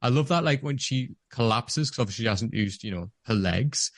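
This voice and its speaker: A man's voice: mid-range voice, lively intonation, fairly quick, dry recording. Eager man reviewing a film. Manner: enthusiastic, acts out scenes. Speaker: podcast co-host. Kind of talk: casual movie review chat.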